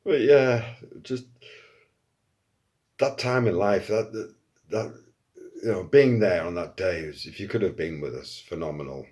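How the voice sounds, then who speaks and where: Animated, lower-voiced man. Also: a little slow, long pauses. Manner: animated, swears often, acts out quotes. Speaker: storyteller. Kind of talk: casual anecdote.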